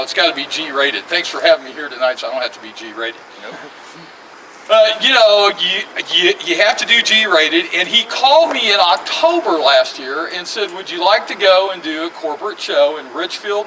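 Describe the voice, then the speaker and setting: Casting: bright-voiced man, profane self-mocking stand-up, mic heard from a distance. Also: high voice. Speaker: comedian. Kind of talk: stand-up comedy set. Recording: distant mic, faint noise.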